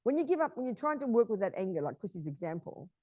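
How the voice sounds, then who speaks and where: Woman nun teaching buddhism, blunt n emphatic, mellow voice, dry sound. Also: medium pitch, sing-song, fast talker, no echo. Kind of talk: informal dharma teaching talk.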